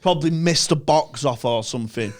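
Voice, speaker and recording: A man's voice: a little high, fairly quick. A young man with a Northern English accent, a podcast guest ranting and telling stories in casual, sweary chat.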